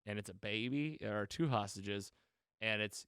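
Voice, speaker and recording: A man co-hosting a podcast, rambling through a movie recap with quoted lines and quick self-corrections. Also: on the low side, a bit bright, smooth, dry recording, studio quality. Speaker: podcast co-host. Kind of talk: casual movie recap chat.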